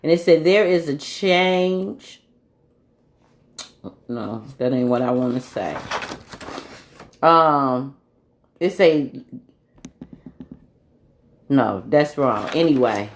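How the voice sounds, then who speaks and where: Low-voiced woman vlogging earnestly. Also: darkish tone, slight background noise. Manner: rambling, earnest, self-correcting. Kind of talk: casual spiritual monologue.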